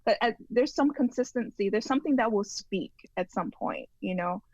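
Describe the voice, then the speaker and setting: A woman's voice: mid-range voice, lively intonation, moderate pace, darkish tone, no echo. A woman from Arizona, a guest actress, chatting casually, giggly and hesitant, often stammering. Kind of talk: casual interview chat. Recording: muffled phone line.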